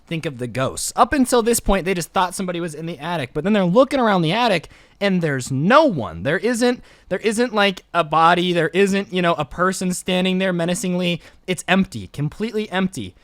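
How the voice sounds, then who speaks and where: Animated young man telling a story. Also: high voice, a little fast, no room sound. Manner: animated, jokey, slangy asides. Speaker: storytime YouTuber. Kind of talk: casual storytelling.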